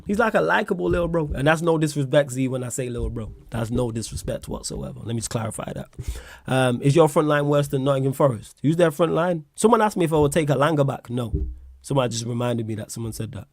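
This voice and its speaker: A man's voice: medium pitch, fast talker, dry recording, clean studio sound. A man hosting a casual livestream chat, laughing a lot, swearing and using slang while answering viewer questions.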